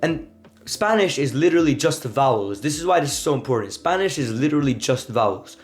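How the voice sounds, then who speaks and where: A man's voice: medium pitch, big pitch swings, brisk. A man giving a casual spoken lesson on pronunciation, explaining loosely with many fillers and acting out vowel sounds. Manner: demonstrates vowels with exaggerated sounds and laughs. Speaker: Spanish teacher.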